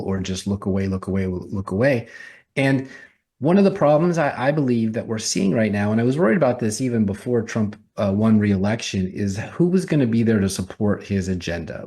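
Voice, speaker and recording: A man's voice: on the low side, darkish tone. A man who runs and edits a news website, speaking as a guest in an emphatic manner and repeating phrases for effect. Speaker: news site CEO and editor, guest. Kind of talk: interview talk.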